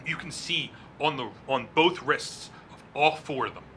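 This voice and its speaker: Bright-voiced man narrating a tabletop game. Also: fairly high pitch, normal speed, slight background noise. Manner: casual, descriptive, frequent fillers. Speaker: game master.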